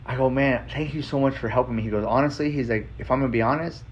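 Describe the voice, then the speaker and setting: This man hosts a podcast and speaks quickly at a medium pitch, telling a personal story in a casual, profane ramble packed with "like" fillers. The recording has its highs cut off and a bit of background noise.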